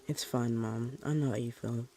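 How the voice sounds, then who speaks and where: A frightened young boy from a storybook horror tale, read by a man. His voice is mellow and plainly read. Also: mid-range voice, steady tone, moderate pace, faint music behind, lightly acted.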